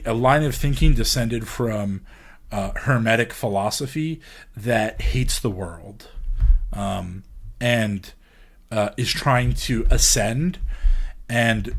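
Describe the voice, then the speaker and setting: A man giving a casual podcast lecture, hesitant, with many ums and restarts. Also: medium pitch. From England.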